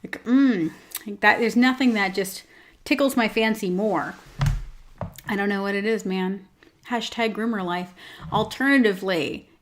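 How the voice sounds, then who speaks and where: A woman with a medium-pitched, fairly bright voice hosts her own show. She chats casually, using lots of fillers and joking asides.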